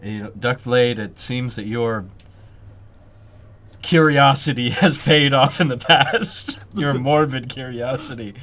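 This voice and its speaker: A man's voice: medium pitch, a bit bright. A man playing a tabletop game, joking and swearing casually. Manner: slow, joking, swears a lot. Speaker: player.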